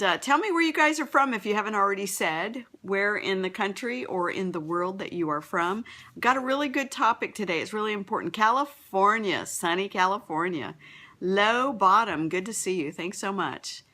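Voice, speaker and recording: A woman's voice: medium pitch, expressive, moderate pace, pushed and bright. A middle-aged woman with a Texan accent, a business coach chatting upbeat on a live broadcast and greeting viewers, stumbling over names.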